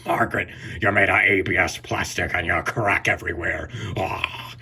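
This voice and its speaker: A man putting on a low raspy scolding voice. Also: fairly even intonation, normal speed, sharp tone, exaggerated voice.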